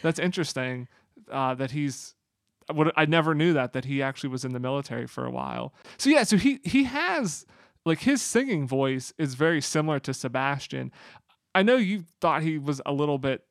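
Excitable man chatting on a podcast. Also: a little high, moderate pace, gravelly, no echo, studio quality. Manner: enthusiastic, rambling, excitable bursts. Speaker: podcast co-host. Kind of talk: casual chat about a musical.

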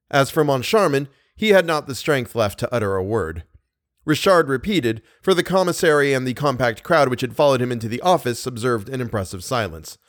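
A man narrating an audiobook in an expressive, steady storytelling manner. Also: medium pitch, fairly quick, no room sound, studio quality. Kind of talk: scripted narration.

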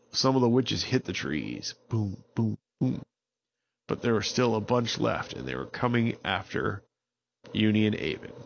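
Unhurried low-voiced male storyteller. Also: vocal fry, highs cut off. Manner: relaxed, unhurried, with small restarts. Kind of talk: improvised bedtime storytelling.

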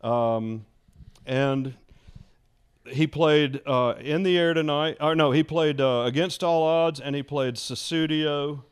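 A man, a former radio DJ, telling a story in casual chat, animated and laughing often, imitating voices. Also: a little high, slow pace, clean tone.

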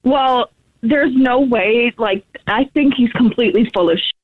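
A woman's voice: on the high side, unhurried, dry recording. A woman calling in to a radio show, speaking frankly and with frustration. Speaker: caller. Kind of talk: call-in chat. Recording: tinny phone line.

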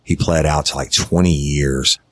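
A man's voice: extremely low pitch, steady tone, unhurried. A middle-aged man telling a true-crime case in a blunt, profane, plain-spoken way as a podcast host. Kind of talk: casual true-crime storytelling.

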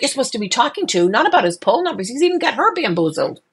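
A woman co-hosting a podcast, chatting casually about politics with many fillers and restarts and an animated delivery. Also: fairly high pitch, fast, few pauses, slightly rough. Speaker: podcast co-host.

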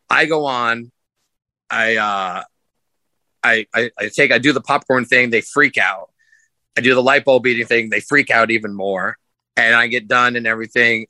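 A man's voice: mid-range voice, no echo, rough recording. A man, a sideshow performer, telling rambling stories as a podcast guest and acting out what people said. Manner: rambling, animated, acts out quotes in raised voice. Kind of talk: casual storytelling.

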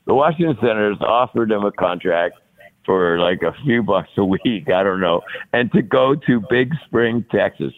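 A man's voice: fairly low pitch, lively intonation, moderate pace. A man in his sixties, a guest actor, telling stories in a rambling, casual way with many restarts and chuckles. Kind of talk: casual storytelling. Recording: lo-fi, phone-like sound.

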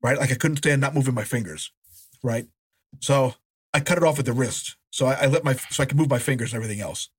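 A man co-hosting a podcast, telling a story in a lively, animated way, acting out voices and laughing as he goes. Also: mid-range voice, fast, slightly rough. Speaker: podcast co-host. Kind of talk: casual storytelling chat.

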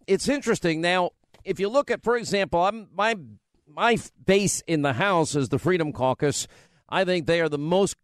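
A man hosting a talk radio show from a studio microphone, speaking briskly and emphatically and joking with his staff. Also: fairly high pitch, clear, resonant tone, dry recording.

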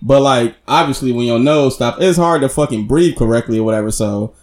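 A man's voice: medium pitch, a little fast, darkish tone. A man talking in a laid-back, slangy, profane way in casual chat, full of fillers.

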